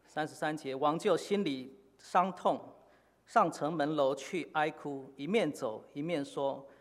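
Man preaching in a reverberant hall. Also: fairly high pitch. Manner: halting, many filler pauses. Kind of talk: sermon in Chinese with live interpretation.

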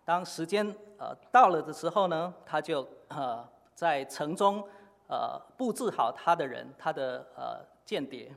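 A man's voice: fairly high pitch, lively intonation, vocal fry, a bit bright. Man preaching in a reverberant hall. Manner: halting, many filler pauses. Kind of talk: sermon in Chinese with live interpretation.

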